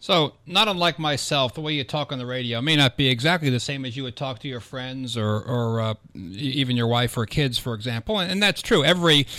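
A man with an American accent hosting a talk radio show, speaking clearly and interviewing a guest from a studio. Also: mid-range voice, brisk, hardly any pauses, pushed and bright, no room sound. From United States. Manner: clear, articulated radio delivery.

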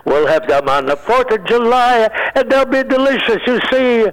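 An elderly man in his nineties chatting on a radio show, his voice sitting high for a man. He rambles from joke to joke, loses words and trails off, then chuckles at his own punchlines, all over a radio broadcast sound. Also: normal speed, low-quality recording. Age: 90s. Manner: rambling, joking, searches for words, laughs at own jokes. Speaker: comedian guest. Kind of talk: casual joking chat.

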